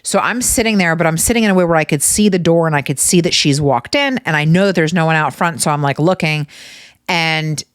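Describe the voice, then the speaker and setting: A woman hosting her own podcast, telling funny stories in a casual, animated way and swearing freely. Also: low voice, a little fast, clear, resonant tone, no room sound, clean studio sound. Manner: animated, profane, exasperated storytelling. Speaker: podcast host. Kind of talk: casual comedic storytelling.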